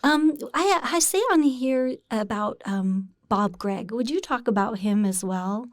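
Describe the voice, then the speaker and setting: A woman's voice: on the high side, a little slow, no echo, clean studio sound. A woman hosting an interview, asking questions in a friendly, chatty way with lots of fillers. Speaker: interviewer, host. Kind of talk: casual interview.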